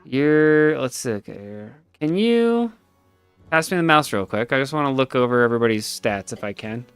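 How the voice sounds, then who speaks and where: A man's voice: mid-range voice, lively intonation, moderate pace, clean tone, soft background music. A man playing a strategy game on stream, thinking aloud as he plans his moves. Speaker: player and co-host. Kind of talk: casual gameplay commentary.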